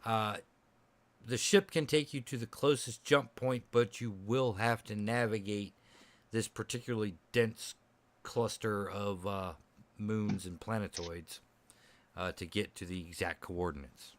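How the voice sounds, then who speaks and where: A man's voice: on the low side, steady tone, a little slow. A man narrating as game master of a tabletop game, loose and chatty, laughing often.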